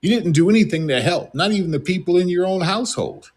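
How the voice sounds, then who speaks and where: A man's voice: high-pitched, animated, fast. A man from the United States on an angry, scolding, profane rant.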